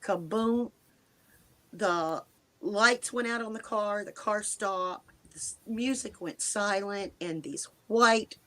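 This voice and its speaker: Older woman with dry mouth, halting story. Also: medium pitch, fairly bright tone. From United States. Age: 60s. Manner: halting, restarts sentences, speeds up and slows down. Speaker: guest recounting a personal encounter. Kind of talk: emotional first-person storytelling.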